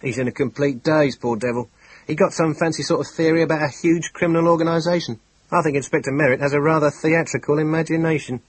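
A calm, efficient police inspector from a classic detective story, as a male reader puts him on. His voice sits a little higher and firmer than the narration, quiet but crisp and decisive. There is a faint edge of contempt under his clear, husky delivery. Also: quick pace, dry recording, poor audio. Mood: calm, matter-of-fact.

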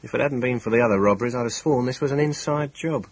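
A man reading an audiobook, voicing a calm, efficient male police inspector who speaks quietly, clearly and decisively. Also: mid-range voice, fast talker, no room sound, voice pushed up, close to an everyday voice, poor audio. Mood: calm, matter-of-fact.

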